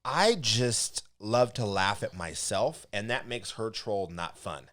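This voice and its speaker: Animated low-voiced man telling stories. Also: slow pace. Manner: laughs often while telling stories, animated. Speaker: podcast co-host. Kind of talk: casual storytelling chat.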